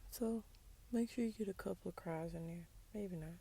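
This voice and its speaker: A woman's voice: on the low side, moderate pace, dark tone, husky. A young adult woman talking candidly and with some sass in a casual personal monologue, sometimes dropping to a whisper for asides. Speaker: podcast host.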